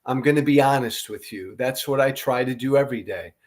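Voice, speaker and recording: A man's voice: medium pitch, fairly quick. A middle-aged man from the United States giving earnest, emphatic commentary to camera as a show host, often repeating his key phrases.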